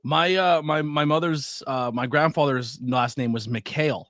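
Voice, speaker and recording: A man's voice: on the high side, measured pace, a bit bright, dry recording. An American man hosting a podcast interview, chatting casually and often repeating his words as he gets going. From United States. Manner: stammering, repeats words, friendly. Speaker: podcast host.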